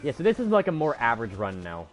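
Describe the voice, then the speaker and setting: A man's voice: medium pitch, wildly swooping pitch, fast talker, soft background music. A male streamer giving live gameplay commentary, rambling and self-critical about his own mistakes.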